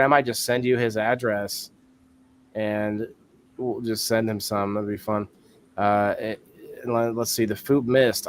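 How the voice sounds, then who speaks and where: A man in his thirties with a fairly low voice hosts a live-stream talk show, rambling casually, thinking out loud, and laughing easily.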